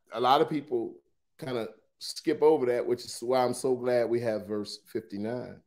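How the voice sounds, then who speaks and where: A man's voice: medium pitch, steady tone, moderate pace. A man leading a morning Bible study, reading scripture dramatically with colloquial asides. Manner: dramatic scripture reading, shifts loudness and pace widely.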